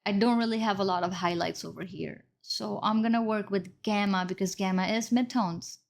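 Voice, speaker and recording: A woman instructor narrates a screen-recorded editing lesson. Her voice sits at a middle pitch. She explains each step as she goes and stops to correct her own slips. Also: fairly even intonation, moderate pace, creaky.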